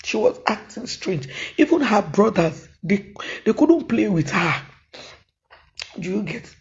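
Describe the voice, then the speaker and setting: A woman's voice: mid-range voice, sing-song, a little slow. A Nigerian comedian, a woman, giving a tearful, pleading video statement, switching between Yoruba and English. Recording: dull lo-fi audio.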